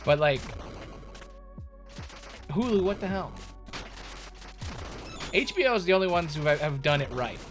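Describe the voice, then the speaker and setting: A man's voice: a little high, lively intonation, measured pace, pauses often. A man streaming a game and chatting casually with his viewers, rambling and restarting his sentences as he goes. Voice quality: rambling, talks to chat with many restarts. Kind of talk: casual live-stream chat while gaming. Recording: game music playing loudly underneath. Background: video game music.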